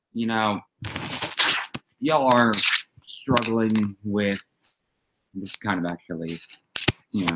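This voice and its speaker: A psychology student, the streamer's roommate, speaks earnestly on a livestream and tears up as he talks, halting often and leaning heavily on "you know" fillers. His voice is deep with a fairly bright tone, and there is slight background noise.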